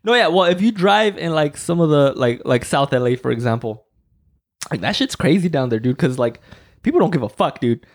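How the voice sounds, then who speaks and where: A man, co-hosting a casual podcast chat and ranting about drivers in an animated, sweary way that keeps turning shouty. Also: fairly high pitch, fairly quick. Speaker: podcast co-host.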